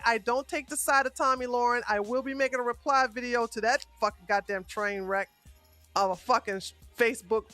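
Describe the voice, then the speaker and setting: A woman's voice: sits high, bright, forceful tone, no room sound. A woman hosting a live stream, ranting in a combative, profane way with frequent restarts.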